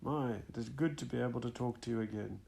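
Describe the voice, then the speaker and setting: Man voicing proud spirit mother, affectionate, forthright, gravelly, audiobook. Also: medium pitch, fast talker, dark tone, natural voice.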